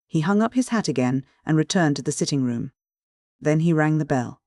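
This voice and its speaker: Steady male audiobook narrator, dry sound. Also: a little high, fairly quick, dry recording. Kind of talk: scripted literary narration.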